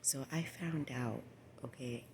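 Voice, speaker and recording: A woman in her late twenties telling a rambling personal story to the camera, cursing often and swinging between a low murmur and loud exclamations. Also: slow, creaky, background noise. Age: 20s. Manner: profane, repetitive, meandering storytelling. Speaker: vlogger.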